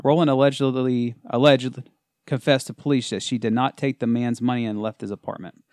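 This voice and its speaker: A man's voice: medium pitch, fairly even intonation, fairly quick, a little mellow, dry recording, clean studio sound. A man co-hosting a casual podcast, reading a news story aloud with small stumbles and asides. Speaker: podcast co-host.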